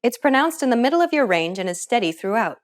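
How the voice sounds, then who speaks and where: A woman narrating a scripted lesson, explaining pronunciation clearly and step by step. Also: a little high, sing-song, quick pace. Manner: clear, instructive. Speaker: pronunciation teacher.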